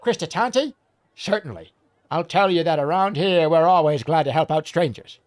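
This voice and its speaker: A man voicing a weathered, wry old male hill dweller in a slow, theatrical fantasy-storyteller manner. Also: fairly high pitch, no echo, voice pushed up, lightly acted. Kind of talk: reading a game aloud with character voices.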